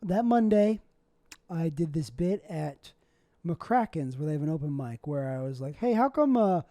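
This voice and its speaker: A man's voice: a little high, a little slow, warm tone, no room sound. A young man, a stand-up comic, hosting a solo podcast in a rambling, self-deprecating way. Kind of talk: casual solo podcast monologue.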